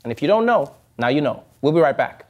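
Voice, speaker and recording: High-voiced joking male host. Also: big pitch swings, fast talker, muffled recording, some chatter behind. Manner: joking, sarcastic asides. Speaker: late-night comedy host. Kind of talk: comic monologue.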